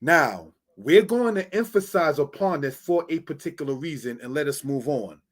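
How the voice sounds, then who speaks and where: A man's voice: on the high side, lively intonation, normal speed. A man teaching a Bible Hebrew lesson over slides, addressing viewers as brothers and sisters, explaining words step by step.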